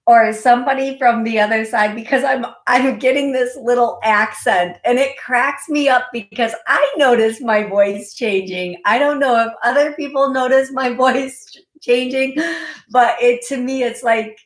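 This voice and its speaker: A woman's voice: fairly high pitch, normal speed, roomy sound. A woman hosting a call-in psychic radio show, giving readings with repeated, direct warnings and bursts of giggling.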